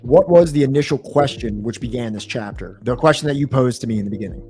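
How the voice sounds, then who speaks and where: Guy on a history stream reading a book out loud then explaining it, lots of ums and restarts, faint music behind. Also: mid-range voice, fast talker. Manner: thoughtful, with frequent fillers and self-corrections.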